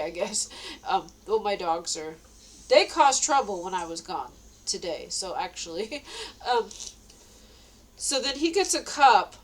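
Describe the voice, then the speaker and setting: A woman's voice: a little high, a bit bright, rough recording. A tired woman telling a story in a casual monologue, laughing often and repeating herself.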